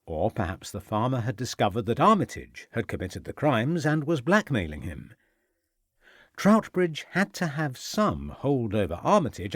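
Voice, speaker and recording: A man reading a mystery novel aloud in measured, reflective narration. His pitch moves expressively through the sentences. The sound is dry, close and free of room echo. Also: slightly rough. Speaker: audiobook narrator. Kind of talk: scripted narration.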